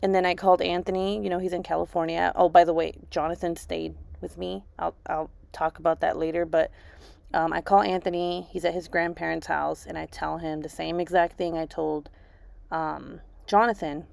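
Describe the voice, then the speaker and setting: Grieving mom vlogger, low and gravelly, halting, full of restarts and fillers. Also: female voice, level tone, a little mellow, no echo. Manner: halting, restarts and repeats herself, lots of fillers. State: grieving, subdued. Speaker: vlogger and mother. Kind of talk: casual personal vlog.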